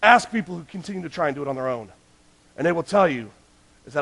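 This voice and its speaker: A male pastor preaching a sermon, emphatic, swinging between loud urgent lines and hushed ones. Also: on the high side, expressive, quick pace, gravelly, long pauses.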